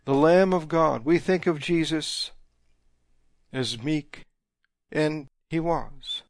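A man's voice: a little high, no room sound, clean studio sound. A man preaching a sermon, reading scripture and retelling it in plain, emphatic paraphrase. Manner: slow, emphatic Bible teaching with paraphrased dialogue.

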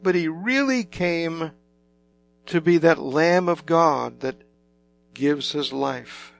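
Male preacher, sermon, slow and emphatic, gravelly, faint guitar behind. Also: a little high. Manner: slow, emphatic, dramatic swings in loudness.

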